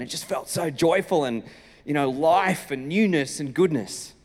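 A man's voice: medium pitch, moderate pace. A man with an Australian accent, a senior pastor giving a sermon in a conversational, storytelling way, acting out the greetings he quotes. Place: church auditorium. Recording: long reverb from a church hall.

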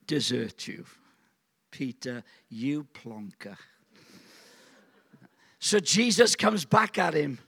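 A man's voice: fairly bright tone, slightly rough. A man preaching a sermon in a church, acting out quotes dramatically and throwing in jokey asides. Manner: dramatic, acts out quotes with big pitch swings. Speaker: pastor.

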